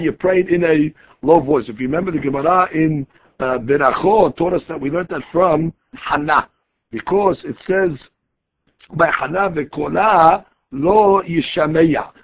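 A man's voice: fairly high pitch, slightly rough. A man teaching a Talmud lesson, explaining each quoted phrase and restating his points in a conversational way.

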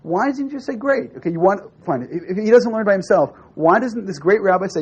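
A man's voice: sits high, a little fast, few pauses, slightly rough. A man teaching a religious class, telling a story and acting out its dialogue, often asking the listeners questions. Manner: animated, acts out dialogue with rising and falling voice; asks the audience questions. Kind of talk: lecture with storytelling. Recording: dull lo-fi recording with faint noise.

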